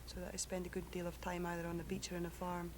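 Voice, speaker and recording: A Scottish woman, a folk singer guest, answering softly and explaining old songs in a measured way. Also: fairly low pitch, completely flat delivery. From Scotland. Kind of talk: soft-spoken interview answers. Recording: faint background noise, 1960s TV broadcast.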